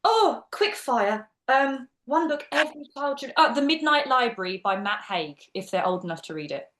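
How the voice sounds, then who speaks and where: A woman's voice: sits high, normal speed, slight background noise. A woman with an Essex accent, a drama teacher and actress, chatting as a guest in a podcast interview and acting out her students' lines. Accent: Essex English. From England. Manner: chatty and expressive, acts out quotes from students.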